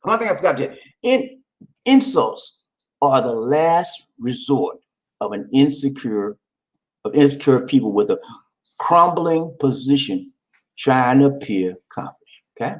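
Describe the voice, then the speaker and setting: A man hosting a casual live-stream talk about relationships, animated, repeating phrases and calling out to his viewers. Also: mid-range voice, unhurried, low-quality recording.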